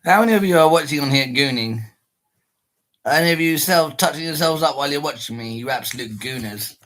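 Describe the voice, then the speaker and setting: A man chatting alone to his camera in a rambling, self-mocking way, drifting between giggles and low mutters. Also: lively intonation, a little fast, fairly bright tone. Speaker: vlogger. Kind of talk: rambling solo chat to camera.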